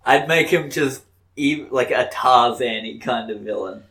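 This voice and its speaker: A man's voice: mid-range voice, unhurried, fairly bright tone. A man co-hosting a podcast in casual chat, easygoing and enthusiastic, often agreeing. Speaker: podcast co-host.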